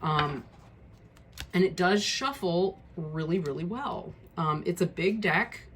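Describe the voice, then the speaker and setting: A tarot video creator walks casually through a deck in a fairly low, husky, slightly bright voice, speaking slowly. She's frank and easily exasperated, with lots of ums and restarts.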